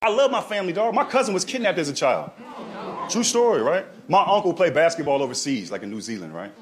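A man with a Texan accent telling a story on a comedy club stage, checking in with the audience with a steady "right?". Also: on the high side, quick pace. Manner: punchy, keeps asking "right?" to the crowd. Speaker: stand-up comedian. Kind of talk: stand-up storytelling. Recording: live club crowd. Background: audience laughter.

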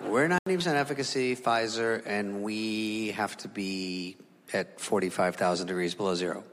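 A man's voice: lowish voice, normal speed, long reverb tail, background noise, pitched below the performer's own voice, close to an everyday voice. A man mocking a smug corporate spokesman. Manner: smug, self-satisfied. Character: smug male vaccine company spokesman.

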